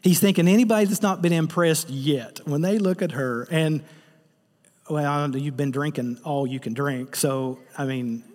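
A man preaching a sermon, telling the story with jokes and animated asides. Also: a little high, moderate pace, long reverb tail. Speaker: pastor.

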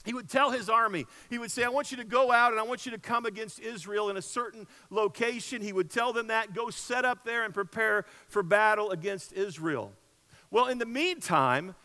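A man preaches a sermon in a church sanctuary, retelling the story in a relaxed, conversational way and leaning on repeated phrases for emphasis. His voice sits high and sounds bright. A long hall reverb trails behind his words. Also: normal speed. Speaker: pastor.

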